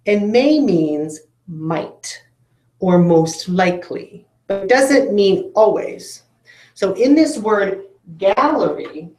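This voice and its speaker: A woman's voice: mid-range voice, darkish tone, echoey room. A woman teacher giving a phonics lesson for children, patiently sounding out syllables and explaining spelling rules.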